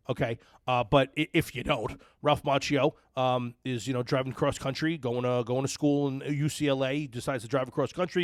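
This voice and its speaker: A man hosting a podcast, loud, excitable and cursing freely in casual chat. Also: medium pitch, no echo, studio quality. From New Jersey. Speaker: podcast host.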